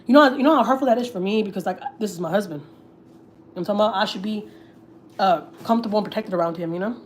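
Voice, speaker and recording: A woman's voice: medium pitch, rapid-fire, noisy background. A young woman from Texas, a family vlogger, chatting candidly on a livestream, full of swearing and filler words. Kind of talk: casual livestream chat.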